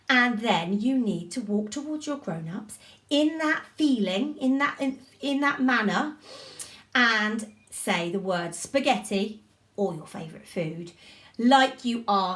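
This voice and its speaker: A woman teaching a drama session to young children, giving animated, coaxing instructions and encouragement. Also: on the high side, distant mic. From United Kingdom.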